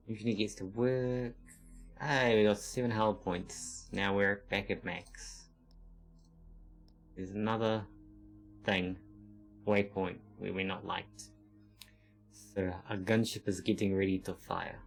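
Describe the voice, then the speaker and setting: A man's voice: lowish voice, fairly even intonation, a little slow, gravelly, long pauses, faint music behind, low-quality recording. A man streaming a strategy game, thinking aloud with stumbling restarts and reading the game text in casual commentary.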